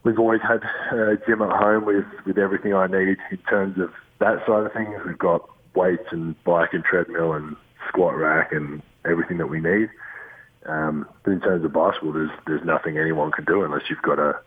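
An Australian man with a low, husky voice comes through a tinny phone line. He talks from home in a loose, rambling way, filling gaps with ums and starting his sentences over. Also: normal speed. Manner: relaxed and rambling, many ums and restarts. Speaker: guest, professional basketball player. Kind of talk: casual interview over the phone.

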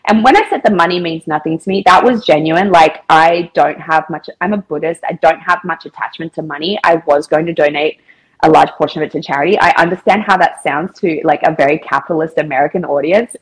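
A woman's voice: deep voice, brisk, slightly rough, rough recording. A woman chatting as a podcast guest, telling a story in a casual, chatty way, with lots of filler words and quoted dialogue.

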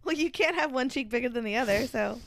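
A woman's voice: fairly high pitch, fast talker, creaky, a bit bright, no echo. A young adult woman co-hosting a podcast, chatting casually and laughing between remarks as she presents her research. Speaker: podcast co-host.

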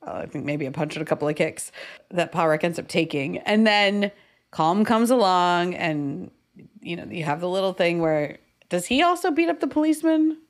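A woman's voice: on the low side, animated, normal speed. A woman co-hosting a podcast, chatting casually about a scene and thinking aloud with fillers and restarts. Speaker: podcast co-host. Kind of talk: casual chat about screenwriting.

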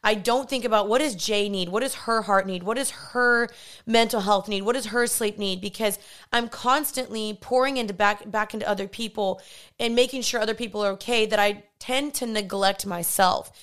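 A young woman talking earnestly and chattily to her vlog audience about her own struggles, with quick asides. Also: mid-range voice, fairly bright tone. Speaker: vlogger. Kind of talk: casual confessional vlog talk.

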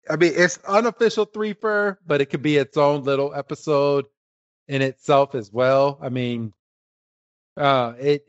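A man's voice: mid-range voice, dry recording, highs cut off. A man hosting a casual podcast, joking around and laughing easily with his co-host. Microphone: remote call line.

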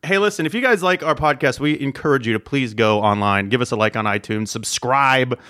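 A man co-hosting a podcast, quick to riff and joke in casual comedic chat. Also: medium pitch, sharp tone, dry recording, clean studio sound. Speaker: podcast co-host.

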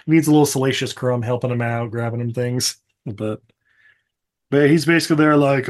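A podcast co-host with a medium-pitched, darkish voice recaps a movie casually at a moderate pace. He rambles, laughs often, and acts out scenes.

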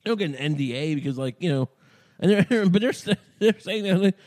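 A high-pitched, animated man from New York speaks a little fast with a darkish tone while hosting a podcast. He delivers a rambling, sardonic, profane rant, restarting often.

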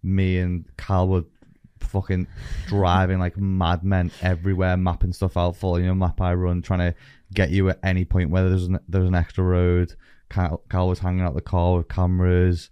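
Male podcast host, dark smooth voice, earnest and reflective. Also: deep voice, completely flat delivery, moderate pace, no echo. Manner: earnest, reflective, swears casually. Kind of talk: casual podcast chat.

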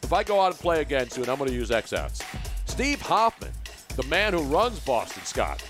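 A man's voice: fairly high pitch, sing-song, normal speed, over music. A man hosting a sports talk show, joking and teasing his co-hosts, sometimes slipping into mock hockey play-by-play. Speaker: show host. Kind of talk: casual sports chat.

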